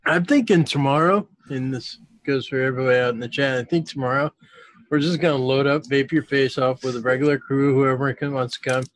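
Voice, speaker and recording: A man's voice: medium pitch, fairly quick, dry recording, rough recording. A man hosting a casual panel chat who talks bluntly and swears freely. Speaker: panel host and live streamer.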